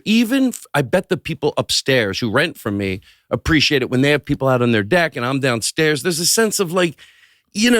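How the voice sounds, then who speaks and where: An animated man talking on a podcast, with a lively, bouncy delivery. His voice sits a little high for a man and swings up and down. The sound is close and dry. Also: no room sound. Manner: animated storyteller, jumps up in pitch. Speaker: comedian guest. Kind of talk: casual podcast chat.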